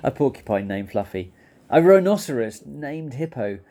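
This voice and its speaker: A man voicing a small, gentle young male porcupine in a storybook read-aloud, speaking in a higher, earnest and hopeful way. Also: very animated, moderate pace. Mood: laughing.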